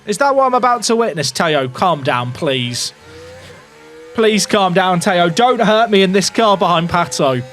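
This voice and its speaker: Excitable gaming commentator, higher-pitched. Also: male voice, unhurried, faint music behind. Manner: excitable, swings between nervous mutters and shouts. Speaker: gaming YouTuber. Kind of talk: live racing game commentary to chat.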